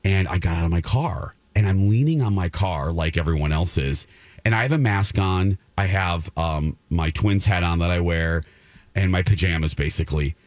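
Man, middle-aged, radio co-host, casual storytelling, animated, dry sound. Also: low voice, moderate pace, no room sound. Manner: animated storyteller, acting out quotes in a raised voice. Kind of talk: casual chat.

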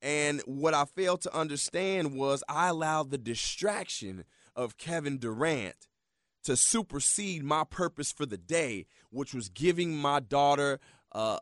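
A man in his thirties hosting a motivational radio talk show, telling stories in an animated, preachy way and calling his listeners y'all. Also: medium pitch, no room sound, clean studio sound. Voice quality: animated storyteller, swings loud when excited.

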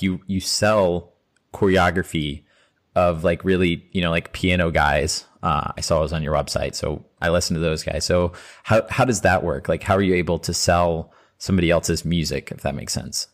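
A man hosting an interview podcast, chatting in a relaxed way, telling a story from his own life and asking questions. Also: low-pitched, normal speed. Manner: relaxed, conversational, many fillers. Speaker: podcast host. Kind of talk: casual interview chat.

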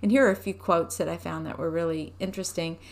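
A woman giving a conversational devotional talk from home, unhurried and asking her listeners rhetorical questions. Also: fairly low pitch, fairly even intonation, creaky. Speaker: devotional teacher.

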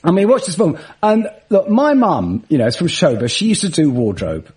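A man with a husky voice, telling funny anecdotes in casual chat and laughing mid-sentence. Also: a little high, very animated, moderate pace, a little mellow. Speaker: guest, comedian and musician.

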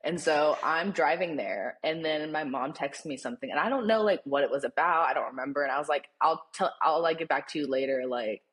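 A young man, a podcast guest, telling a story in casual chat, animated and laughing often, with lots of "like". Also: fairly high pitch, brisk, few pauses. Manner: animated, laughing, heavy use of "like".

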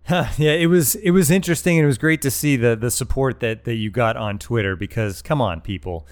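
A man with a mid-range voice hosts a sports podcast. He teases his co-host lightly and then moves into an easy, smooth read of the show's sign-off and plugs. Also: mid-range voice, a little fast, no echo. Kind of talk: casual podcast chat and sign-off.

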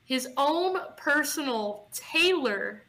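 A woman's voice: high-pitched, animated, slow, a bit bright, low-quality recording. A woman co-hosting a podcast in casual chat, bubbly and chatty. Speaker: podcast co-host.

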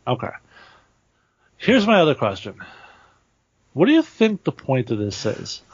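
A man's voice: a little high, huge pitch swings, a little slow, slightly rough, dry recording. A man co-hosting a wrestling podcast, asking questions and dropping dry, sarcastic remarks. The recording is close and dead, with no room sound, and has a dull, lo-fi tone. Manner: wry, questioning, sarcastic asides. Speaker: podcast co-host. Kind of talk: casual wrestling recap chat.

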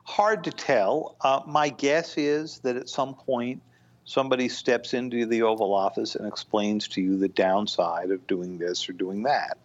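A man speaking as a guest in a podcast discussion, measured and thoughtful, with frequent "you know" fillers. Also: mid-range voice, steady tone, highs cut off. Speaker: guest foreign-policy analyst.

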